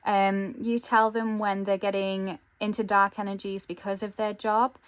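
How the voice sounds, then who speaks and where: Woman, tarot reader, musing, thinks aloud, mid pitch. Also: little pitch movement, moderate pace, clean tone. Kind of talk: intuitive tarot reading to camera.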